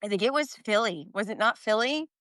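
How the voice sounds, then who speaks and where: A woman's voice: mid-range voice, lively intonation, brisk, a bit bright, no echo, studio quality. A woman in her fifties from New Jersey, hosting a live video in a chatty, rambling, self-mocking way. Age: 50s. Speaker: live-stream host. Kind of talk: casual chat.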